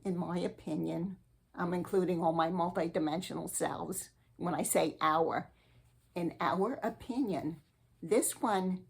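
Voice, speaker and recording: A woman hosting a spiritual advice show, giving a slow, earnest and sweetly eccentric comic monologue. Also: lowish voice, vocal fry, breathy edge.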